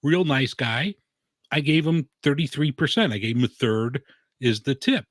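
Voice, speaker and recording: A man hosting a relaxed talk show, spinning loose stories packed with filler and the odd swear word. His voice sits in a middle range and sounds dry and close, with no room around it. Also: mid-range voice, normal speed, dry recording. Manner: rambling storyteller, heavy on filler "like", swears casually. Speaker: show host. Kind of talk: casual chat.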